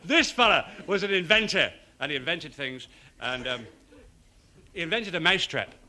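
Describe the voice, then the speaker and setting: A man's voice: on the high side, lively intonation, normal speed, pushed and bright, slight background noise. A man telling silly stand-up jokes and laughing at his own punchlines. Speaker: stand-up comedian.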